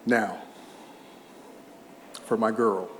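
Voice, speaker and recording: Drawing out his words in a lowish, fairly even voice, a former baseball player around sixty tells emotional and humorous anecdotes from a podium, sometimes getting choked up. The recording carries a slight hiss or hum, the echo of a big event hall, and faint background ambience.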